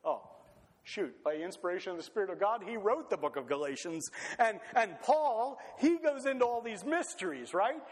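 A man preaching a sermon in a lively, conversational way, full of rhetorical questions. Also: high-pitched, normal speed, slightly rough. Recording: long hall reverb.

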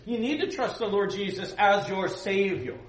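A man's voice: sits high, moderate pace, a little hiss or hum. A man teaching a casual Bible class, retelling the story with jokes and asides to his students. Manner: joking, lively storytelling with asides. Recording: echoey room.

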